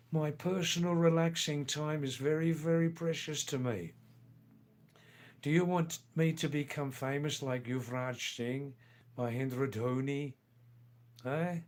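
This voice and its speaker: A man's voice: on the high side, fairly even intonation, measured pace. An older man hosting a casual livestream, reading out viewer comments and answering them with playful, teasing asides. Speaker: livestream host.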